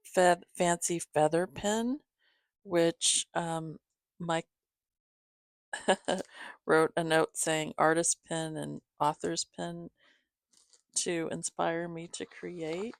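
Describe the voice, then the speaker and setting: A woman hosting her own channel, chatting casually with viewers as she shows gifts, giggling often and filling pauses with "um". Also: on the low side, steady tone, creaky, no echo. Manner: chatty, giggly, many fillers. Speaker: channel host reading to her cats. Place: home, reclining.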